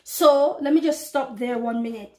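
A woman preaching prophecy to her online followers, fervent and emphatic, slowing down when she reads scripture aloud. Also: high voice, a little mellow. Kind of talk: preaching to camera.

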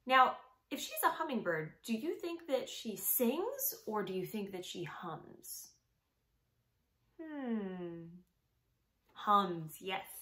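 Preschool music teacher, young woman, bouncy and highly animated, asks the kids and answers herself. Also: echoey room. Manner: slow, exaggerated, questioning children and answering for them. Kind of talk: sing-song lesson for small children. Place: home room.

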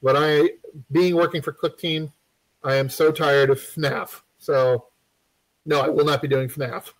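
A man walks viewers through building a game in a loose, live-streamed tutorial, talking in a fairly high register for a man. He rambles, restarts and fills pauses with ums, and he tosses off jokes to the chat as he works. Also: steady tone, low-quality recording. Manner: rambling and chatty, many fillers and restarts; joking asides to the viewers. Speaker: game development instructor.

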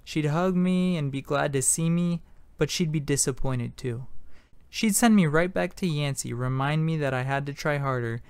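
A man narrating an amateur audiobook in first person, plain and matter-of-fact. His voice sits slightly high with a gravelly, fry-tinged texture. The sound is dry and close. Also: no room sound.

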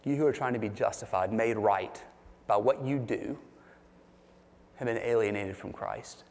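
A man preaching a sermon as pastor, chatty and animated, asking the congregation questions. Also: on the low side, normal speed, vocal fry. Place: church sanctuary. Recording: long reverb of a large hall.

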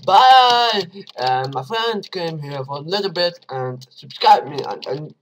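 Excitable young gamer, slow-spoken. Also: male voice, on the high side, slight background noise, low-quality recording. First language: Dutch. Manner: excitable, swings from shouts to mumbles. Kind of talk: let's play commentary.

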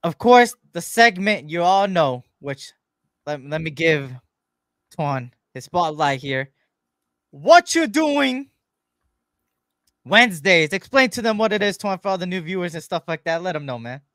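Male co-host, high and bouncy pitch, easygoing intro, dry close sound. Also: animated, moderate pace, fairly bright tone, dry recording. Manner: easygoing, sets up the segment. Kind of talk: casual live-stream sports talk.

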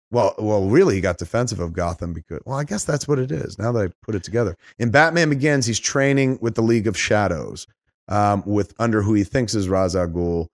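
Low-voiced profane podcast host. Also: male voice, no echo. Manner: animated, profane, rambling. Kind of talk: casual chat.

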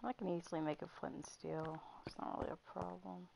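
Young woman streamer with a gravelly lilt. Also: fairly low pitch, fairly even intonation, fairly quick, noisy background. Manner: playful bickering, swears freely, sighs and laughs. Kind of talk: casual gaming chat.

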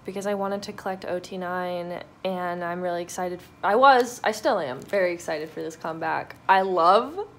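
A woman's voice: on the low side, moderate pace, hardly any pauses. Bubbly young woman unboxing albums. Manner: bubbly, excitable, chatty with frequent laughs. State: out of breath. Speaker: vlogger. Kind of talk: casual unboxing vlog. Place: apartment.

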